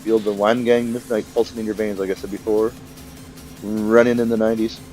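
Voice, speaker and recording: A young man giving rambling, casual commentary over a game, acting out the characters' lines in quick bursts. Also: on the low side, level tone, a little mellow, faint music behind. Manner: rambling, filler-heavy, acts out characters' lines. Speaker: let's play commentator.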